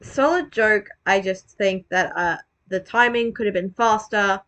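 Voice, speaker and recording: A woman's voice: mid-range voice, measured pace, a bit bright. A woman giving casual, self-deprecating commentary on her own old video, rambling, swearing and restarting her sentences.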